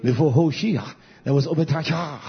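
A man preaching a sermon to his congregation, repeating phrases and building to loud, high emphatic peaks. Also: normal speed. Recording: dull lo-fi recording.

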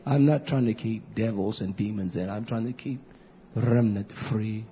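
A man preaching a sermon to his congregation, repeating phrases and building to loud, high emphatic peaks. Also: normal speed. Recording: dull lo-fi recording.

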